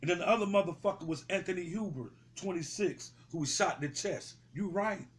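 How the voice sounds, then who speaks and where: A man's voice: high-pitched, a little fast, slight background noise. A young man giving heated, profane street commentary, confrontational and repetitive, swearing freely.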